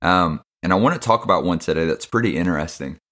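Young man, casual devotional podcast host, very low voice, slangy, filler-heavy. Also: fast, a bit bright. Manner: laid-back, slangy, many fillers.

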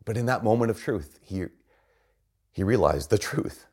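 A man's voice: fairly low pitch, lively intonation, moderate pace, long pauses, darkish tone, slightly rough. A man, a priest, giving a homily as earnest storytelling with emphasis on key phrases.

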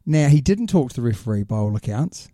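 Dark-voiced chatty man. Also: medium pitch, sing-song, fast talker, no room sound, clean studio sound. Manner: chatty, jokey, self-deprecating. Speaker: podcast co-host. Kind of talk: casual chat.

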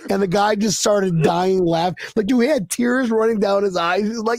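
An excitable man with a high, light voice co-hosts a rowdy fan podcast, rambling through stories and breaking into jokey put-on accents. The sound is dry and close, with no room around it. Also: moderate pace, few pauses, dry recording. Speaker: podcast co-host. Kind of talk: casual banter.

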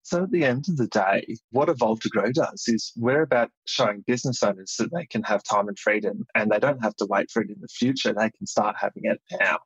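Husky Australian man, muffled line. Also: on the low side, brisk, hardly any pauses, a bit bright, no echo. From Melbourne, Australia. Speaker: guest, business consultant. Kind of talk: casual interview chat.

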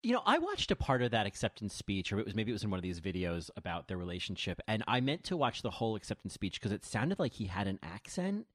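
An American man chatting as a podcast guest, playful and quick with jokes, laughing often. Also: fairly low pitch, wildly swooping pitch, a bit bright, no echo, studio quality. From United States. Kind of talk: casual chat.

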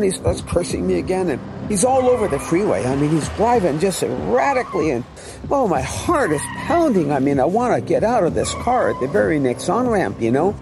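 A man's voice: a little high, big pitch swings, fairly quick, background noise. A man preaching his testimony as a vivid storyteller who acts out the dialogue. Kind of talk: animated testimony sermon.

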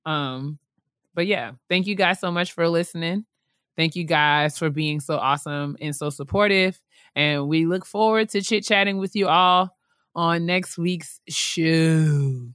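A woman's voice: sits low, unhurried, a bit bright, no echo, clean studio sound. A young adult woman co-hosting a podcast in casual chat, talking chattily with fillers and repeating herself. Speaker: podcast co-host.

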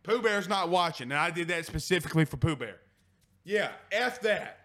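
A man with a high, bright-pitched voice hosts sports talk radio. He rants in a fired-up, profane way and keeps hammering his points home. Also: animated, normal speed.

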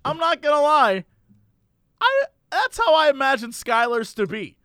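High-pitched male co-host, quizzical and teasing, lively delivery. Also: no room sound, studio quality. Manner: quizzical, teasing, quick to laugh. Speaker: podcast co-host. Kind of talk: casual chat.

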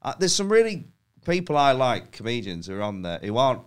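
A man's voice: medium pitch, sing-song, a little fast, smooth. A man, a comedian guest on a podcast, telling anecdotes in casual chat and laughing at his own stories.

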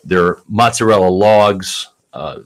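Low-voiced dude hosting a football stream, easygoing, chatty, reads viewer msgs. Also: male voice, steady tone, slow. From Tampa area, Florida. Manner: easygoing, plugs sponsors, chatty. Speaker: sports show host. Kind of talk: live stream sports chat.

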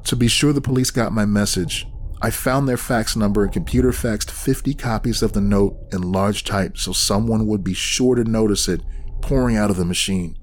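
A man reading a horror story aloud in scripted first-person narration, tense and steady. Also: fairly low pitch, moderate pace, slight background noise.

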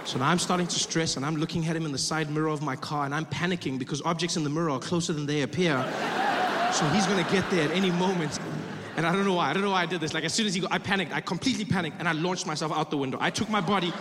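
A male comedian tells an animated story from a big stage, switching between characters as he goes. His voice sits fairly high. A long reverb tail and a steady audience murmur fill out the space. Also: very fast. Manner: animated storytelling, acts out both sides. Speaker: stand-up comedian. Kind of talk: stand-up comedy set. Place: large theater stage. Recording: reverberant live venue with audience noise.

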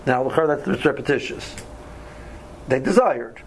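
A man's voice: on the high side, expressive, normal speed, slight background noise, poor audio. A man leading a casual Torah study class, often stumbling over and repeating words, reading Hebrew verses aloud and then explaining them.

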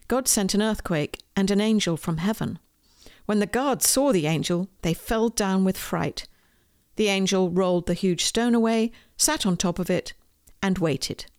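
A woman reading aloud from her own children's storybook, gentle and expressive. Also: mid-range voice, no room sound, clean studio sound. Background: faint music.

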